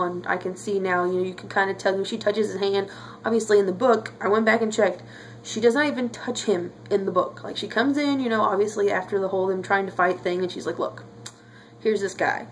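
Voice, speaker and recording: A woman's voice: mid-range voice, slight background noise. A young woman talking casually to camera in a reaction vlog, chatty and emotional. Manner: chatty and emotional, lots of fillers. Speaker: vlogger.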